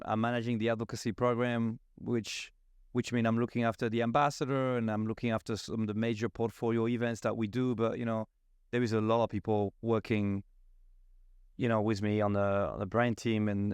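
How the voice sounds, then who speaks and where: A man's voice: medium pitch, clear, resonant tone, dry recording, clean studio sound. A man, chatting loosely as a podcast guest about his work. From South of France. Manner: rambling, restarts often, animated. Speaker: guest, spirits brand advocacy manager. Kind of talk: casual podcast conversation.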